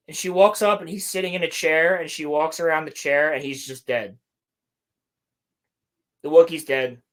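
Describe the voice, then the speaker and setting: A man's voice: on the high side, fairly even intonation, moderate pace, long pauses, fairly bright tone. A man hosting a podcast, recapping a show in a rambling, sarcastic, casual way with some swearing. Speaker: podcast host reviewing a show. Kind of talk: casual chat.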